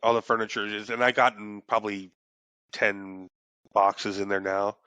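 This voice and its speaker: A young man with a bright, forceful voice talks casually on a podcast, rambling and cursing, often restarting his thoughts. The sound is dry and close, with no room around it. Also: fairly low pitch, steady tone, moderate pace, clean tone, no room sound. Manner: rambling, swears freely, restarts sentences. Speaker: podcast co-host. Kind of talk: casual chat.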